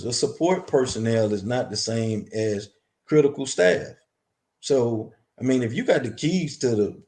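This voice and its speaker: Measured, halting man in a biker interview. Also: medium pitch, mellow. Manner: measured, halting, many restarts. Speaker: guest, longtime club member. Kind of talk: casual interview talk.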